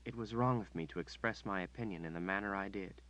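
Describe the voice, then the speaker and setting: A man voicing a demure, flattering noblewoman in an audiobook, speaking softly in a slightly raised voice. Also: on the low side, fast talker, close to an everyday voice, rough recording.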